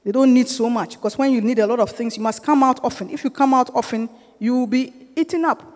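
A middle-aged woman with a fairly high voice leads a church group in an informal sermon-style teaching. She talks conversationally, often checking that her listeners follow, and presses her points with growing urgency. Her voice rings out with the long reverb of a large hall. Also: fast talker, a little mellow. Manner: grows emphatic and urging.

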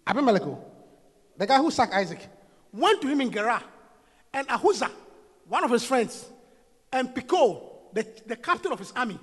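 A man preaching a sermon, shouting and calling out to the congregation in a sing-song way. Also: extremely high pitch, big pitch swings, moderate pace, pauses often, husky, long reverb tail.

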